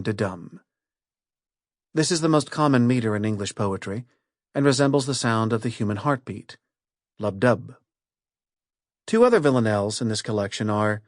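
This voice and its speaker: A man reading a nonfiction audiobook aloud in a measured, clear, scripted narration. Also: medium pitch, dry recording, studio quality.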